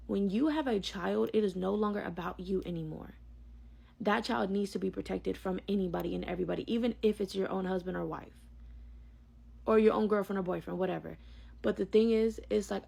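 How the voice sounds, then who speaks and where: A woman's voice: medium pitch, gravelly, darkish tone, breathy edge. A woman giving a blunt, heated monologue to her viewers, speaking her mind. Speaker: vlogger. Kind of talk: opinionated monologue to camera.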